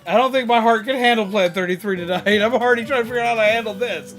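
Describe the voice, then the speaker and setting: A frazzled, excitable man streaming a game live, exclaiming and thanking viewers, with game music behind. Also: high voice, fast. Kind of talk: live gaming stream chat.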